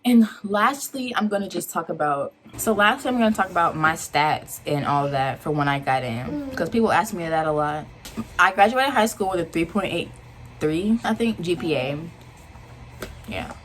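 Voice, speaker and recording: A woman's voice: fairly low pitch, expressive, moderate pace, slight background noise. A young woman, a college student, giving chatty and emphatic advice in a casual vlog. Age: young adult.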